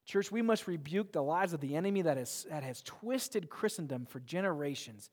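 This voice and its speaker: A man's voice: fairly high pitch, expressive, normal speed, a little mellow. A man pastor preaching a sermon in a church, earnest and emphatic, often repeating words as he presses a point. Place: church sanctuary. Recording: long reverb of a large hall.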